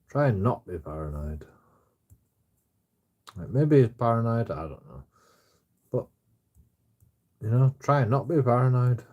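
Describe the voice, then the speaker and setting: A man's voice: sits low, a little mellow, breathy edge. Swearing man ranting, lo-fi. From England. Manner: swears constantly, rambling and repetitive. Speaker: streamer. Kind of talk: casual rambling rant.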